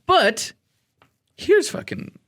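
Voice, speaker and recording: A man co-hosting a podcast in a studio, talking in casual banter and telling stories in a rambling way. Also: fairly bright tone. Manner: rambling storyteller, quick to laugh. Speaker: podcast co-host.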